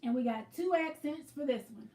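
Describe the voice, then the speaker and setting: A woman's voice: sits high, normal speed, mellow, echoey room, far from the mic. Chatty woman livestreaming her quilting. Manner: chatty, greets viewers by name, explains as she works. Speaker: livestream host. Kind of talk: casual livestream chat while quilting.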